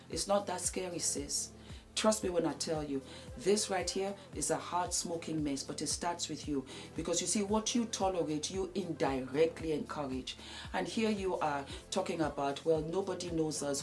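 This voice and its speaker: A woman's voice: lowish voice, a little mellow. A woman giving blunt, preachy gossip commentary straight to the camera, addressing the subject directly. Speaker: celebrity gossip vlogger.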